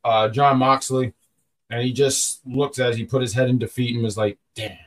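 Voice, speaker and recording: A man's voice: mid-range voice, steady tone, moderate pace, a bit bright. A man hosting a podcast in casual, rambling chat, often stopping to correct himself. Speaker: podcast host.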